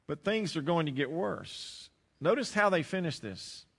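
A man pastor preaching a sermon, praying and then expounding scripture with rising emphasis and dramatic pauses. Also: on the high side, animated, gravelly, a bit bright, big-room sound.

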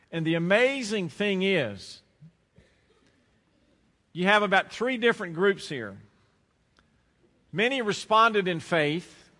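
A man pastor preaching a sermon, praying and then expounding scripture with rising emphasis and dramatic pauses. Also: a little high, pushed and bright, in a large hall.

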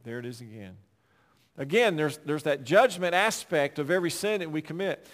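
A man pastor delivers a sermon in a voice a little higher than most men's. He builds to loud, emphatic declarations, then drops to hushed, conversational storytelling. The sound rings out with the long reverb of a large hall. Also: expressive, moderate pace. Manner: preaching with swings from loud emphasis to quiet asides.

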